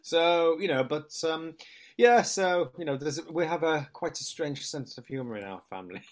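A man's voice: a little high, animated, normal speed. A man from Hull, telling rambling anecdotes in an interview and quoting people as he goes. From Hull, England. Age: 50s. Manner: rambling anecdotes, quoting others, laughing often. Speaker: actor guest. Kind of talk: chatty interview storytelling.

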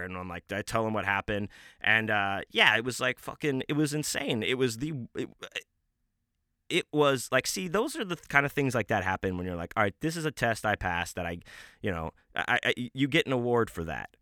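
A man's voice: mid-range voice, sing-song, brisk, bright, forceful tone, dry recording, clean studio sound. Profane, rambling man telling a story. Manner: rambling, profane, with many restarts and fillers. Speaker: podcast host. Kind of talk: casual storytelling.

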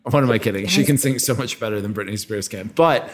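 A man's voice: on the low side, fast talker, over a noisy crowd. A man hosting a podcast, chatting casually in a playful, enthusiastic way. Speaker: podcast host. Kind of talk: casual chat.

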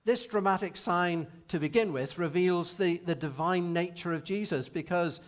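A man in his sixties gives a calm, thoughtful sermon. His voice sits a little high for a man, and he takes his time over each line of scripture. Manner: measured, reflective, reads scripture aloud. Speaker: preacher. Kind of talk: sermon reading.

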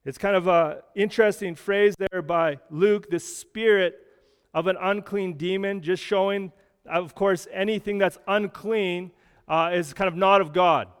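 A man's voice: high voice, fairly even intonation, unhurried, clean tone, big-room sound. A man preaching a sermon as a pastor, explaining scripture in a conversational way with frequent restarts.

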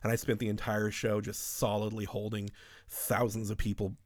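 A man's voice: on the low side, flat delivery, normal speed, dry recording, clean studio sound. A man in his thirties telling rambling, profane stories in a casual podcast chat.

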